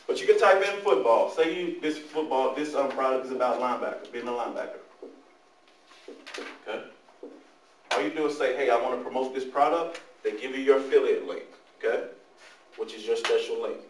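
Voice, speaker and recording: A motivational speaker gives an animated talk to young people before a live audience in a large room, telling stories and often turning to them with questions. His mid-range voice is brisk with long pauses. The audio is echoey with the mic far off and slight background noise.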